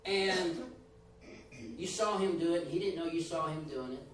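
A man's voice: on the high side, normal speed, a little hiss or hum. A man preaching a sermon with rising and falling emphasis, acting out the voices he quotes. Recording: echoey room, voice from a distance.

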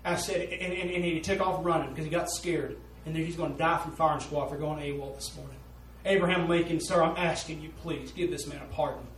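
A man's voice: on the high side, fairly even intonation, brisk, hardly any pauses, a bit bright. A man preaching a sermon, telling a story in an earnest, folksy way. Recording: roomy echo, voice from a distance.

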